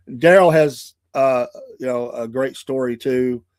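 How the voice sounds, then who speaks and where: A man's voice: mid-range voice, fairly even intonation, slow pace, darkish tone, no echo, clean studio sound. An older man hosting a morning show, chatting in a folksy, chuckling, rambling way. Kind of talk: casual podcast chat.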